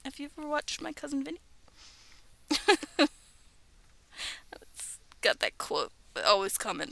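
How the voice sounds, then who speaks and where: A woman's voice: high voice, wildly swooping pitch, measured pace, creaky, long pauses, fairly bright tone, no room sound. A young woman streaming from her bedroom, chatting in a rambling, giggly way that often drops to a whisper. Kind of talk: casual chat on a livestream.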